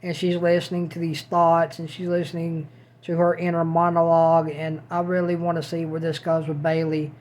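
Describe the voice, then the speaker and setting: A man's voice: on the high side, monotone, moderate pace, a little mellow. A man giving a casual spoken recap as a show reviewer, repeating himself and circling back over the same points. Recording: dull lo-fi audio.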